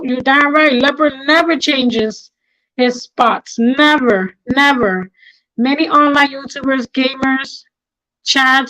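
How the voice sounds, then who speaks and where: Heard on a rough recording, a middle-aged woman with a high, slightly bright voice hosts a livestream. She's angry and impassioned, and her emotional talk leans on repetition for emphasis.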